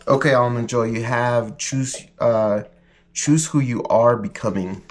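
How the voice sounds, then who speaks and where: A man's voice: medium pitch, measured pace. A man giving a casual livestream tarot reading, rambling and chatty with lots of fillers. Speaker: tarot reader.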